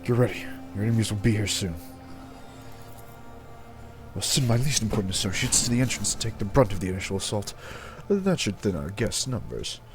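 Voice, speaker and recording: A man's voice: lowish voice, very animated, a little fast. A man streaming a game, talking casually with some swearing and reading the story aloud. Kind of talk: gaming stream commentary and reading. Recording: background game music.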